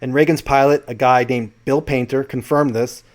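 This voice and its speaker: Brief: male vlogger, mid-pitched voice, rambling casual commentary, self-corrects often. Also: fairly even intonation, moderate pace. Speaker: channel host.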